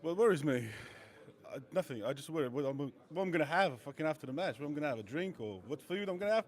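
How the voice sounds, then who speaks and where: A man's voice: a little high, expressive, fast talker. Guy, cocky, broken english, swears a bunch. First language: Lithuanian. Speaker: fighter guest.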